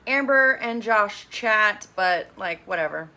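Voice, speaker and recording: A woman casually recapping a reality show, with sassy opinionated asides and quick quoted impressions. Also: mid-range voice, lively intonation, bright, forceful tone.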